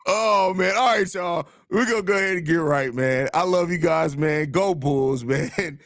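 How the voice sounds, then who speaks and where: A man's voice: on the high side, moderate pace, fairly bright tone, no echo, clean studio sound. A young man hosting a live sports podcast, joking and cursing loosely while answering chat. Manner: loose, profane, laughing banter with chat. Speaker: podcast host. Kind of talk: casual live-stream chat.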